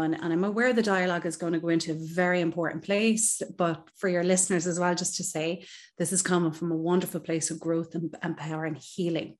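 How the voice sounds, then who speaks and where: A woman, a psychotherapist guest on a podcast, telling her personal story in an earnest, reflective way with many "you know"s. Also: low voice. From Ireland.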